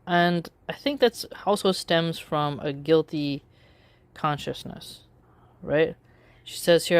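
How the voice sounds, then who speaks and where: A woman giving casual opinion commentary in a wry, measured way, drawing out her phrases with pauses. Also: lowish voice, expressive, no room sound. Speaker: political commentary vlogger.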